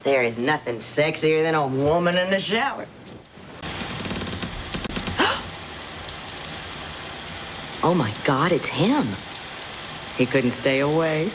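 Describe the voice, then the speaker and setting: A woman's voice: deep voice, animated, normal speed, very noisy. An actress playing a vain, self-adoring young woman in a sitcom, coy and self-satisfied. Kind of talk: sitcom acting.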